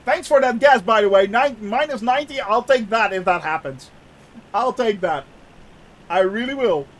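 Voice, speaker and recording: A young man giving casual live commentary on a flight sim, chatty, laughing often and filling pauses with "uh". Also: high voice, lively intonation. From Netherlands.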